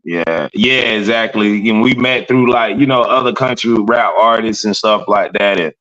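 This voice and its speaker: Laid-back guest, low voice, heard over muffled lo-fi audio. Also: male voice, moderate pace, fairly bright tone. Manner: laid-back, full of "you know" fillers. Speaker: country rap artist, podcast guest. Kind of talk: casual podcast chat.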